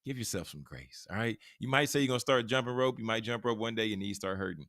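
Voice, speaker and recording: A man hosting a podcast in casual chat, relaxed and repetitive, with hype sign-offs. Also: medium pitch, quick pace, no echo, clean studio sound. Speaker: podcast host.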